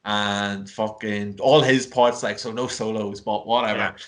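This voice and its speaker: A man's voice: on the low side, steady tone, measured pace. An Irish man from Ireland, a podcast guest on a video call, telling a long story in casual chat, swearing freely and full of fillers.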